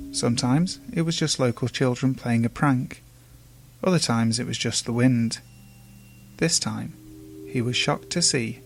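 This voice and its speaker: A male storyteller reads eerie legends in a measured, ominous tone. His middle-pitched voice stays low-key and hushed. A soft music bed runs quietly behind him. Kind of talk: scripted narration of urban legends. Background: faint music.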